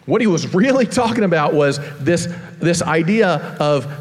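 A man preaching a sermon earnestly, slowing down to give his points weight. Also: high voice, big pitch swings. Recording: long reverb of a large hall.

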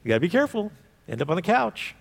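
Man, high-pitched pastor, conversational sermon, loud emphatic bursts and hushed asides, long hall reverb. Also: big pitch swings, fast, creaky. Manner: conversational preaching, swinging between forceful emphasis and quiet asides.

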